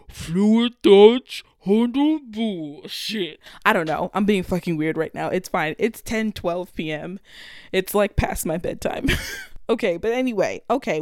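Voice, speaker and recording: A woman's voice: mid-range voice, no echo, studio quality. A young woman hosting a solo podcast, ranting in a sassy, profane, heated way. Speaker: podcast host. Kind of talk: casual solo podcast rant.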